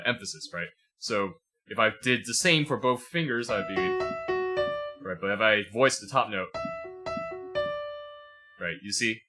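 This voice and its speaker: A man teaching piano on a livestream, patiently explaining as he demonstrates and often checking with "right?". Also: mid-range voice. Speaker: piano teacher reviewing a student. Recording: piano music playing behind.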